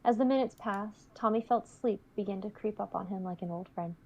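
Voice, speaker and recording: Young woman co-reader, steady and playful. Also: mid-range voice, a little fast, muffled recording. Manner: steady reading, playful and encouraging in chat. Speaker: guest co-reader. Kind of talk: reading fan fiction aloud and casual chat.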